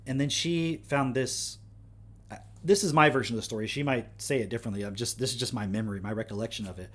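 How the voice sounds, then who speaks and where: A man's voice: mid-range voice, fast talker. A young man hosting a livestream, talking in a casual, rambling way with lots of fillers and self-corrections. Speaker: livestream host.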